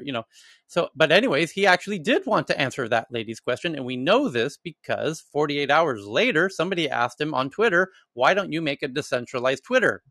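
A man hosting a casual live audio chat, telling stories with animated, profane asides. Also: a little high, no echo. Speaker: host.

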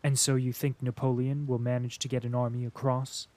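A man reading an audiobook and voicing a calm, skeptical young aristocrat questioning his mother. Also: medium pitch, a little fast, natural voice. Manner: cool, questioning. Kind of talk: audiobook character voice.

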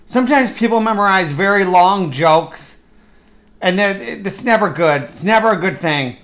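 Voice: mid-range voice, expressive, normal speed, fairly bright tone. A podcast host ranting sarcastically and with profanity in a solo comedic monologue, rambling along and slipping into mocking voices. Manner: rambling, with fillers and restarts.

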